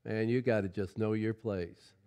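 A man's voice: fairly low pitch, fairly even intonation, normal speed, smooth. Folksy preaching pastor, middle-aged man. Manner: folksy preaching with frequent "Amen?" call-outs; swings from loud exclamations to quiet, intimate asides. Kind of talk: sermon.

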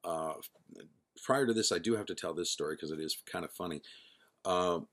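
A middle-aged man with a low, slightly bright voice talks at a normal speed about his life as the singer and founder of a band. He tells his story casually and ramblingly, correcting himself as he goes and acting out quoted dialogue.

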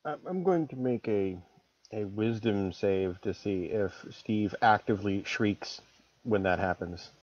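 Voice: low-pitched, measured pace, no echo, highs cut off. A player in a tabletop game, joking around casually. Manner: joking, lively.

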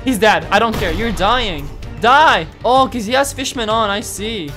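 A young man hosting a gaming channel, giving excitable gameplay commentary, exclaiming and taunting his opponents. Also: sits high, a little slow, faint music behind.

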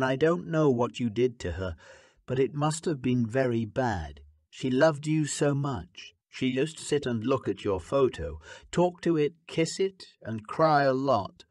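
Reading an audiobook, a man voices a bitter, furious middle-aged woman nurse, pitching his medium, slightly mellow voice above his natural one. She accuses and scolds scornfully, raising her voice. The recording is clean studio quality with no echo.

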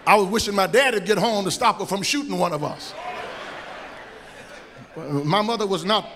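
A middle-aged man, preaching a sermon as pastor, with shouted, sing-song rises. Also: sits high, normal speed, noisy background. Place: church sanctuary. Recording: echoey church with long reverb.

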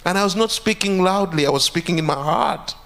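A pastor giving an earnest testimony sermon, repeating phrases with rising intensity. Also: male voice, high voice, brisk, creaky, fairly bright tone. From Uganda.

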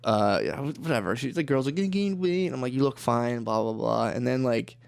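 A man in casual podcast chat, rambling through a story with constant swearing and bursts of laughter. His voice sits at an ordinary middle pitch. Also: fairly quick, creaky. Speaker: podcast co-host.

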